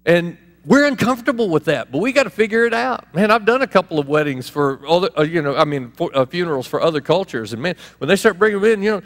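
Male pastor, animated and chatty, preaching in a reverberant church hall. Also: fairly high pitch, fast talker, hardly any pauses. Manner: animated, conversational preaching with laughs and asides. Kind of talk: sermon.

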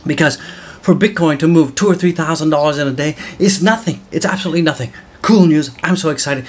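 A man's voice: fairly high pitch, fast talker. Hyped, whooping man hosting market commentary. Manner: hyped, exclamatory, whooping, calls viewers guys. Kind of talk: excited solo market commentary.

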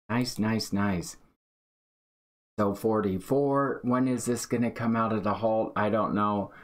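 A man hosting a live day-trading stream, excitedly reading out chat and calling trades. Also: fairly low pitch. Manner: excited, hyped, reads chat aloud. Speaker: day-trading livestream host.

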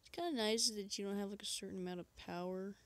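A woman's voice: medium pitch, quick pace. A woman coaching a friend through a horror game in casual chat, reassuring and guiding. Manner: reassuring, guiding, loose and chatty.

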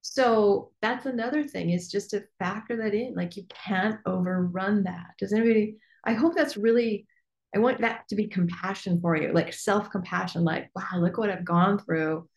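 A woman's voice: medium pitch, moderate pace, creaky. Candid, laughing woman coach in an echoey room. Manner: candid and lively, laughs often, swears casually. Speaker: business coach hosting a group call. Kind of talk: casual coaching talk.

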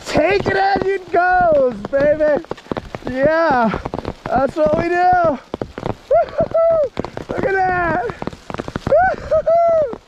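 High-voiced man vlogging slowly on a trail. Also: lo-fi sound, background noise. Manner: exclamatory, profane, laughs often, loud whoops. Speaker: long-distance hiker vlogging. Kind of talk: casual walking vlog monologue. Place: outdoors on a mountain road.

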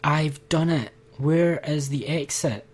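A man's voice: fairly high pitch, slow pace, a little mellow, slightly rough. A man commentating his gameplay, exasperated and ranting to his viewers. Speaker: let's play gamer.

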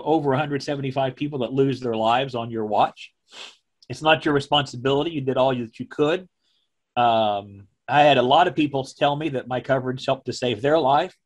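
A middle-aged man, a former television meteorologist, recalling events in a slow, measured way that turns emotional. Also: medium pitch. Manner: slow, measured, speaking from the diaphragm. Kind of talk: emotional personal recollection.

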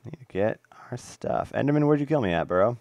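A young man talks through his game session in loose, excitable commentary, his pitch leaping up and down as he swears and coos at the animals on screen. The sound is close and dry, with no room around it. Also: a little fast, no room sound. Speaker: gaming video host.

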